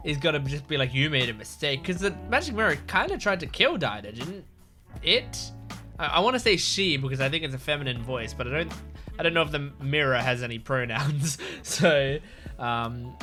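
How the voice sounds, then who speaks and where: Bright-voiced man rambling through a recap. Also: fairly high pitch, expressive, normal speed, faint music behind. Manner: rambling, self-correcting, laughs often. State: hiccuping. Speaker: anime reaction host. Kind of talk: casual reaction commentary.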